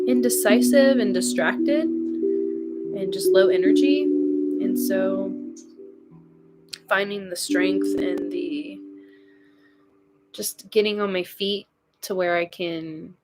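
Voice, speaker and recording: A woman's voice: mid-range voice, slow pace, pauses often, loud music behind the voice. A tired woman hosting a casual livestream at home, rambling, laughing often and swearing casually as she talks. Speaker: livestream host.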